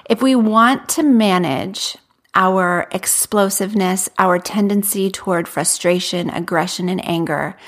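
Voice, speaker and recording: A woman in her thirties talks straight to her podcast listeners with earnest, direct advice. She is candid about her own struggles. Her voice sits at an ordinary middle pitch. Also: a bit bright. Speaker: podcast host. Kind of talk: podcast monologue.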